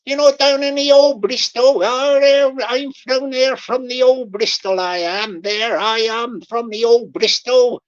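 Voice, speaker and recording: A woman voicing a cheeky, boastful male scammer from Bristol in a loud, drawling put-on West Country accent. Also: on the high side, a little slow, few pauses, highs cut off, lightly acted. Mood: mocking.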